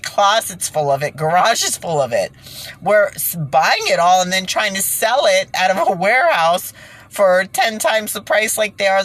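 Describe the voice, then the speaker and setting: A woman's voice: mid-range voice, a bit bright. A woman ranting in online commentary and reading passages aloud, stumbling and restarting, foggy from being sick.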